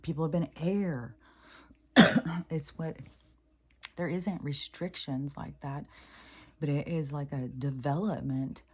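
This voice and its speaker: A middle-aged woman rambling through a personal spiritual story. She swears freely and acts out quotes with sudden high pitch jumps. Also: takes it slowly, long pauses, slightly rough. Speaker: spiritual vlogger.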